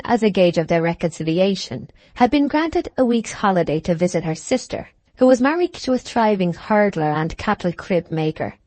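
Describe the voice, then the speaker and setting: A woman reading a classic novel aloud as an audiobook narrator, in a measured, even manner. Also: on the low side, no room sound. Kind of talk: scripted narration.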